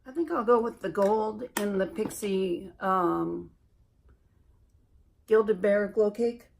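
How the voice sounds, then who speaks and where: A woman's voice: mid-range voice, slow, gravelly, darkish tone, a little hiss or hum. A woman beauty vlogger chatting through her makeup routine, earnest and reflective, speaking directly to her viewers while filming at home. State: recovering from bronchitis. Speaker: beauty YouTuber. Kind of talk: chatty get-ready-with-me makeup talk.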